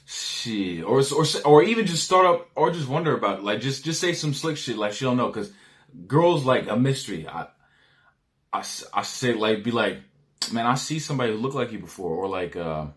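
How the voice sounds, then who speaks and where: A man's voice: medium pitch, lively intonation, normal speed. A man talking loosely through dating advice in a medium voice. He stumbles over restarts and repeated words, and leans heavily on slang and casual swearing. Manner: rambling, frequent restarts, slangy and profane; acts out dialogue lines.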